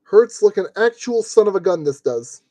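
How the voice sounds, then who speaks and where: A man with a mellow, darker tone keeps up a running commentary while he streams a model kit build. He grumbles at fiddly parts and jokes to himself as he works, in the loose way of a live stream. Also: high-pitched, big pitch swings, normal speed, dry recording. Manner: grumbling, joking self-talk while working.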